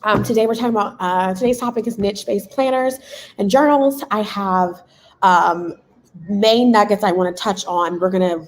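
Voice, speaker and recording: A young woman hosts a casual livestream training. She is chatty and excitable, repeats herself and leans on fillers. Her voice sits at an everyday middle pitch. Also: slight background noise, low-quality recording. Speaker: channel host and business coach. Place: school classroom.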